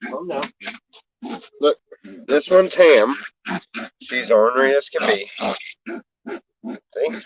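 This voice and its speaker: A man's voice: lively intonation, slow pace, long pauses, highs cut off. A man chatting casually in a homestead vlog, sometimes talking to his pigs in a coaxing voice. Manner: talks to his piglets in a high coaxing voice. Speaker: homesteader vlogger.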